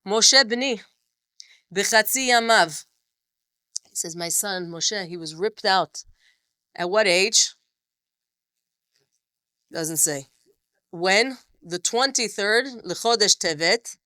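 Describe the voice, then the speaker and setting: A woman's voice: medium pitch, animated, slow pace, long pauses, bright, forceful tone, no echo. A woman teaching a text study class, reading passages aloud with feeling and then explaining them.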